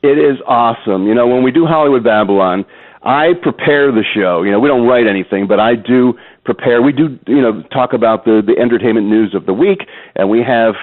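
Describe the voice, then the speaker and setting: Animated man over a tinny phone line. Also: mid-range voice, brisk. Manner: animated, jokes and slips into impressions. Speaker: guest voice actor and impressionist. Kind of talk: phone interview.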